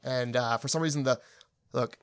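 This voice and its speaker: A man's voice: mid-range voice, normal speed, smooth, no echo, studio quality. A man co-hosting a casual horror movie podcast, joking and rambling with fillers. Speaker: podcast co-host.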